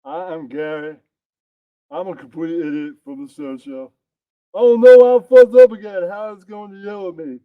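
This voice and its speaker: A man's voice: high voice, normal speed, smooth, no echo, narrow, tinny audio, close to an everyday voice. A man doing a voice of a flustered, dim-witted male radio show staffer who whines about his own mistakes.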